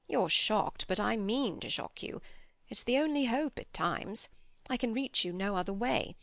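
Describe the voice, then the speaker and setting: A woman's voice: medium pitch, lively intonation, unhurried, creaky, fairly bright tone, dry recording, studio quality. A woman voicing an earnest, passionate old man who pleads and preaches. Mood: pleading. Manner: impassioned, preaching.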